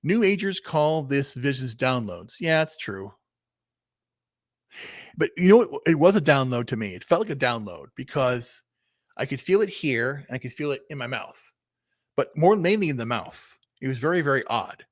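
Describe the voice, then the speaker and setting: A man in his fifties vlogs on a solo livestream, thinking aloud in a meandering ramble with many restarts, repeated words and casual swearing. His mid-range voice swings widely in pitch at a moderate pace, recorded dry and at studio quality.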